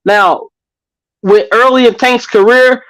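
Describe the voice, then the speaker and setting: A man's voice: very high voice, steady tone, slow, fairly bright tone, dry recording, low-quality recording. A man in a barbershop talk, arguing earnestly and insisting on his point, repeating himself when challenged. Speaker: barbershop panelist. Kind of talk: casual debate.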